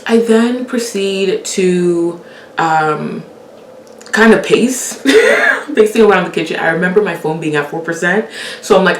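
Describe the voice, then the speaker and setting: Young woman, casual storytelling, laughs often, lowish voice, roomy echo, faint hiss. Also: unhurried, recorded from a distance. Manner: animated, laughs often, acts out quoted lines. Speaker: storyteller host.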